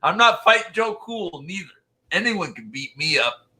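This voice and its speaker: A man's voice: high voice, very animated, moderate pace, sharp tone, rough recording. A man hosting a live stream in casual chat, reading out viewer requests and laughing often.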